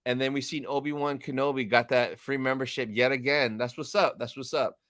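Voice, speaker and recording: A man's voice: mid-range voice, steady tone, a little fast, fairly bright tone, no echo, clean studio sound. A young man hosting a live stream, casually chatting with viewers, reading chat aloud and thanking them.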